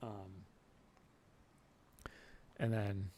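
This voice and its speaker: This low-leaning male voice is dark in tone, barely moves in pitch, and draws out its words, with slight background noise behind it. He's hosting a relaxed livestream for chat, wandering off on tangents full of fillers and restarts while chuckling frequently.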